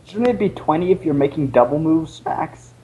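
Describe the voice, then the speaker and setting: A man playing in a tabletop game, quick to protest in an exasperated way. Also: fairly high pitch, animated, dark tone, lo-fi sound. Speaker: player. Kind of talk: casual tabletop game chat.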